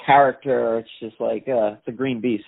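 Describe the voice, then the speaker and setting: Husky-voiced man on a phone line. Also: mid-range voice, steady tone, moderate pace. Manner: laid-back, searching for words. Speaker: podcast guest. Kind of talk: casual phone chat. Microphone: phone call.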